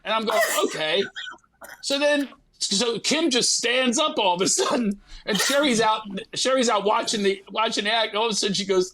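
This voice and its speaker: A man, a guest comedian, telling an animated, profane comic story and acting out the people in it. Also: high voice, normal speed. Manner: acts out others in quoted voices, profane.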